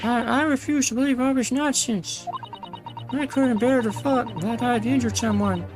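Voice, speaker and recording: A man voicing a shrill, indignant middle-aged woman juror in a high put-on falsetto, stammering and huffy. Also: normal speed, music in the background, rough recording. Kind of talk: voicing game characters live.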